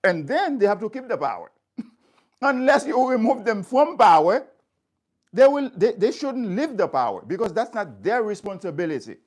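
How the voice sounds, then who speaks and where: A man's voice: sits high, big pitch swings, moderate pace. A man speaking straight to his viewers, stressing his points by repeating phrases. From Haiti. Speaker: community speaker. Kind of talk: impassioned address to viewers.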